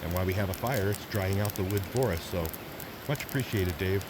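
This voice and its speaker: A man's voice: low voice, a little fast, background noise. Middle-aged man chatting on a backpacking trip. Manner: folksy, chatty, addresses viewers as folks. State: a little out of breath. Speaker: backpacking vlogger. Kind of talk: casual outdoor vlog narration. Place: outdoors in mountain woods.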